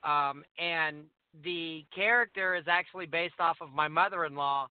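A man with a high voice tells a lively story as a guest on a talk show, laughing often and acting out what people said. He comes through a tinny phone line. The sound is dry. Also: moderate pace, smooth, no echo. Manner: animated storyteller, acts out dialogue, laughs often. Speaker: wrestler guest. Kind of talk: casual phone interview storytelling.

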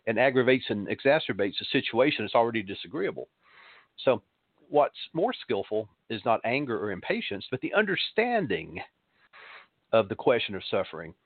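A middle-aged man, a pastor hosting a show, giving a reflective spiritual talk in a halting way, pausing often and repeating words. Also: mid-range voice, no room sound. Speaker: pastor and podcast host. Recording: dry, narrow phone-like sound.

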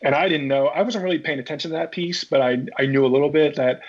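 A man from Philadelphia, a former baseball pitcher, telling a story in a casual chat and acting out his own reactions. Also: fast talker. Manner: acts out his own past reactions, many restarts. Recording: dull lo-fi podcast audio.

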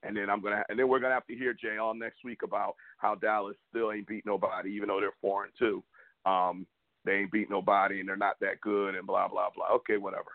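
A man co-hosting a sports talk podcast from the US, ranting with a rising, fired-up pitch. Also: level tone, quick pace, gravelly, dry recording. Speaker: podcast co-host. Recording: tinny phone-like call line.

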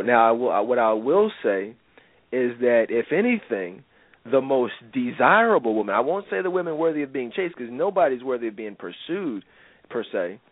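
A man's voice: medium pitch, no echo. A man hosting a radio talk show, lecturing listeners in a rambling, preachy monologue. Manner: preachy, rambling, lots of fillers. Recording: phone-like radio line.

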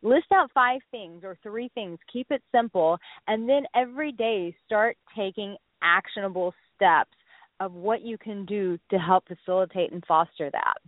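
Woman, dating coach guest, animated storyteller, phone-line audio, dry and close. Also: medium pitch, measured pace, no room sound. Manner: lively anecdotal storyteller, acts out quotes. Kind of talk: radio interview, storytelling. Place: Los Angeles area. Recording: phone-line radio call.

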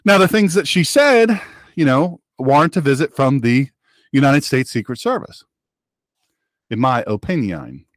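A man's voice: medium pitch, very animated, unhurried, no echo, clean studio sound. A man hosting a talk show, giving an opinionated monologue in an emphatic, sarcastic, preachy manner.

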